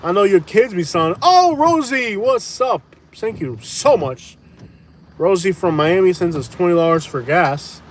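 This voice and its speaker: A man with a slightly high voice chats and jokes his way through a live stream, repeating phrases and laughing easily. He talks from inside a running truck, with a faint engine hum and storm noise underneath. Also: moderate pace. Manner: jokey, laughs often, repeats phrases playfully. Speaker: live-stream host reading viewer comments. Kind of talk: casual live-stream chat. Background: engine hum, wind and rain.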